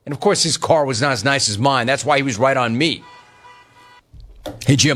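A man's voice: medium pitch, moderate pace, pauses often. A middle-aged man hosting a talk show, reading listener gripes aloud and teasing callers. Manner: teasing, animated, mock-outraged. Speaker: radio talk show host. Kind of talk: reading listener messages on live radio.

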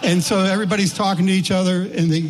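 A man's voice: high voice, fairly even intonation, background noise. Storytelling man in a reverberant hall. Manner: folksy, unhurried, with voiced quotes. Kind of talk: personal storytelling.

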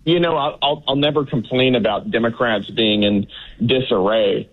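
A congressman from Texas joins a political interview as a guest, sounding emphatic and dismissive and using many fillers. He speaks in a mid-range voice at a moderate pace. The audio comes through a phone-like remote line.

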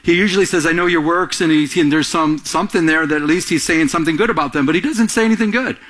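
A man delivering a sermon in a fairly high voice. He preaches with animation and lifts his voice to act out the quotes. He often repeats and restarts his phrases as he goes. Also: quick pace. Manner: animated preaching, acting out quotes with rising pitch. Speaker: pastor.

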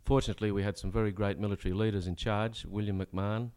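A man's voice: on the low side, steady tone, fast, a little mellow, clean tone. An Australian man performing a comic rhyming ballad on stage, with dry, sardonic spoken asides between rollicking rhymed verses.

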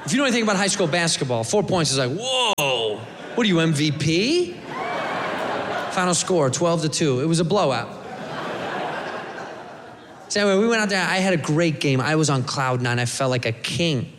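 A man's voice: fairly high pitch, animated, brisk. A man in his thirties telling a rambling stand-up story on stage, slipping into voices for the people in it. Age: 30s. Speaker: stand-up comedian. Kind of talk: stand-up comedy set. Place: comedy club stage. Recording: live club recording with hall reverb, crowd and noise. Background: laughing audience.

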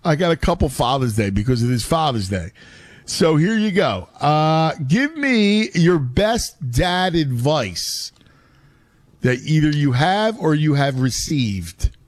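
Animated, laughing radio co-host man. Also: on the high side, slow pace, dry recording. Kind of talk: casual sports radio banter.

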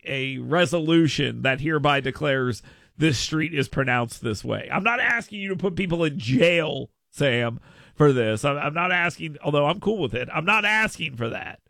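Radio host guy, gravelly voice with a sharp bright edge, joking around and declaring stuff on a dry studio mic. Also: fairly high pitch, no room sound. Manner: playful, mock-proclamatory, rambling with restarts. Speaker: radio talk show host. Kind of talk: casual talk radio banter. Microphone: studio microphone.

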